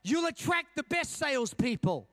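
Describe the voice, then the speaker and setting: A man's voice: very high voice, big pitch swings, moderate pace, a bit bright, dry recording. A male pastor in his fifties preaching a sermon, telling a personal story and calling out to his congregation. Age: 50s.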